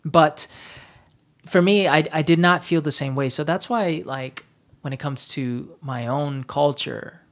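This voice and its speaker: Low-voiced woman thinking aloud. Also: a little slow. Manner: reflective, searching for words with many restarts. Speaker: guest. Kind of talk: casual conversation.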